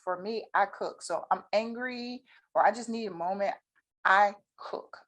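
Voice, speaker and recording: A woman's voice: medium pitch, a little slow. A woman, chatting casually as a guest and acting out conversations as she tells them. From North Carolina, USA. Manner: animated storyteller, acts out both sides of conversations. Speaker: guest, accounting firm owner. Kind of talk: casual chat.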